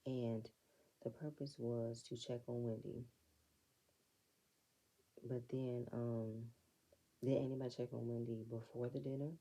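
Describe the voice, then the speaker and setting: A woman's voice: rumbling low, level tone, measured pace, long pauses, mellow, rough recording. A woman giving a casual, blunt, opinionated recap of a reality show episode, with sassy asides. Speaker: reality TV reviewer.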